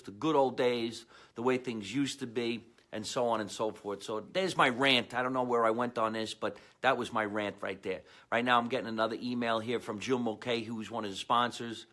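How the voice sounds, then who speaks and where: A man hosting his own comedy show, telling rambling stories with a New Jersey accent and talking straight to his viewers. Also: mid-range voice. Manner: rambling, animated storyteller with asides to viewers. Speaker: comedian podcast host. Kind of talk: casual storytelling monologue.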